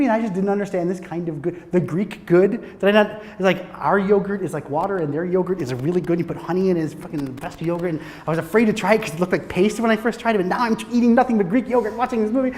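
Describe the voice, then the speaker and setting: A man with a high voice tells stories in a loose, animated way, swearing and laughing between lines. He speaks as a guest at a casual talk on making films. His voice rings through a hall with a long echo. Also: quick pace. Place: conference room. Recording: reverberant hall.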